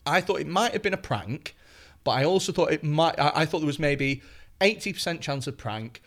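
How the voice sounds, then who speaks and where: Animated man telling stories. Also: on the high side, normal speed. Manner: animated, expletive-laden, acts out voices. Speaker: comedian guest. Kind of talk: anecdotal storytelling on a podcast.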